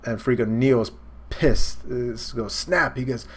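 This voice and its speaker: A young man hosting a casual reaction video, retelling a comic excitedly with swearing and sound effects. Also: mid-range voice, a little slow. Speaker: host. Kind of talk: casual manga reaction commentary.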